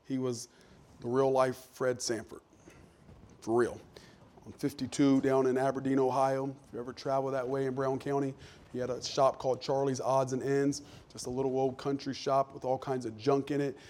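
A pastor preaching a sermon, conversational at first and building to loud, emphatic questions. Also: male voice, mid-range voice, little pitch movement, moderate pace.

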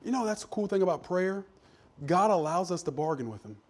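A pastor preaching a sermon, conversational at first and building to loud, emphatic questions. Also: male voice, sits high, expressive, fairly quick.

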